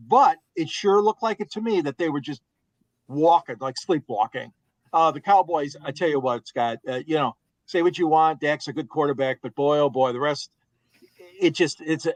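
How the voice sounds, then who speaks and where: A man's voice: on the high side, normal speed, no echo, rough recording. A man on a sports talk panel ranting indignantly about a football team.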